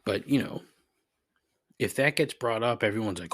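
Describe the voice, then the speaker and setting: A man's voice: lowish voice, moderate pace, pauses often, a bit bright, no room sound, studio quality. A man hosting a solo podcast, ranting in a sarcastic, profane, exasperated way. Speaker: podcast host. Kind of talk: casual solo podcast rant.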